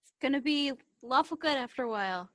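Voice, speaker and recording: A woman's voice: high voice, expressive, brisk, fairly bright tone, a little hiss or hum. A woman playing a tabletop game, making brief, practical remarks in the banter. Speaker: player.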